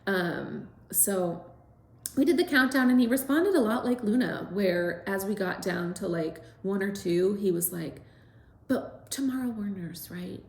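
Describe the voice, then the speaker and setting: A middle-aged woman, a lactation consultant, gently telling a personal story with many fillers. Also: mid-range voice, a little slow, creaky, echoey room.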